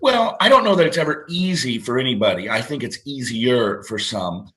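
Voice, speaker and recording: A man's voice: mid-range voice, lively intonation, normal speed, a bit bright, low-quality recording. A man in his fifties, a guest on a parenting show, talking casually and rambling with many fillers and restarts. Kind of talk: casual interview talk.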